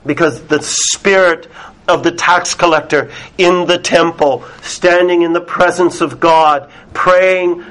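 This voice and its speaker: A man preaching a sermon to a small church congregation, deliberate and emphatic, dropping very soft on key words. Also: on the high side, fairly even intonation.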